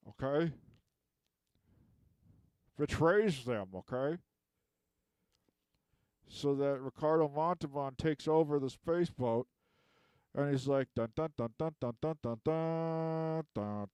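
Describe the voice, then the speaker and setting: A man's voice: medium pitch, a little mellow, clear, resonant tone, no room sound. A man delivering a rambling comic monologue, constantly tacking "okay?" onto his sentences. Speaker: comedian recapping a film.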